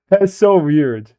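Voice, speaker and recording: A male streamer talks casually to his chat while editing footage, drifting from thought to thought and poking fun at himself. His voice sits a little high. The sound is close and dry, with no room echo. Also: dark tone. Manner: rambling, self-deprecating, often laughing.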